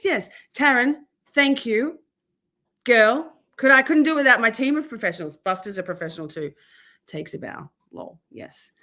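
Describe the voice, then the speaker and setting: Lively, chatty woman live-streaming. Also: medium pitch. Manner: chatty, swears a lot, flustered by gear. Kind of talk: casual live-stream chat.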